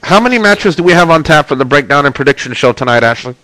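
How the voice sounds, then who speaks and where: A man's voice: a little high, animated, fast, bright, forceful tone, no room sound, poor audio. A man hosting a casual wrestling and gaming webcast, congested with a stuffy nose, chatty as he plugs links and reads the chat. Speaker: host of a wrestling and video game webcast. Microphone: webcam mic.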